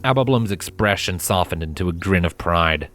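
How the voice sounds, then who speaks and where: A man narrating a fanfiction story in a calm, steady read-aloud manner. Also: sits low, normal speed, soft background music. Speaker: fanfiction reader.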